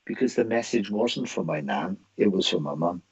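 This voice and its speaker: Husky low-voiced man. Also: animated, normal speed. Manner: earnest, repeats words as he gathers his thoughts. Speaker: psychic medium guest. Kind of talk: casual chat, storytelling. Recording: dull, muffled sound.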